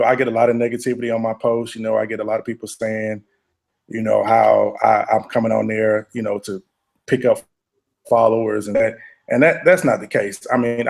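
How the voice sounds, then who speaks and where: A man's voice: mid-range voice, vocal fry. A man co-hosting a sneaker podcast, speaking earnestly in casual chat. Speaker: podcast co-host.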